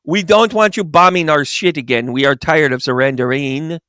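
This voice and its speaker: A man's voice: fairly high pitch, moderate pace, sharp tone, smooth, dry recording, studio quality. A man putting on a haughty French guy. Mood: indignant. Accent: put-on French accent. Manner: exaggerated, sneering caricature. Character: mocking stereotyped Frenchman, haughty adult male.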